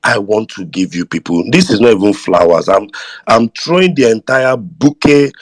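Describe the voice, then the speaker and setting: A man's voice: lowish voice, animated, normal speed, no echo. A man with a Nigerian accent co-hosting a live audio chat room, emphatic and sweeping, mixing in pidgin.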